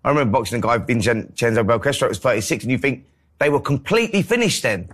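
Man, co-host, fast, lively intonation, casual chat. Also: medium pitch, a little hiss or hum. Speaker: co-host, former boxer.

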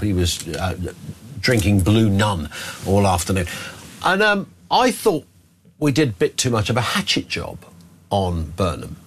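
A man with a British accent hosting a radio phone-in, giving blunt opinions in casual chat. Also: husky. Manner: blunt, conversational, lively pitch swings. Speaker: radio talk show host.

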